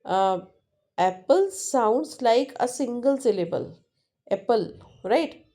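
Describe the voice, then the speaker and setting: Lady teaching slow, mellow voice, kinda high, lots of uhs and restarts. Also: lively intonation. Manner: slow and repetitive, with frequent fillers and restarts. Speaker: English teacher. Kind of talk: classroom lesson explanation.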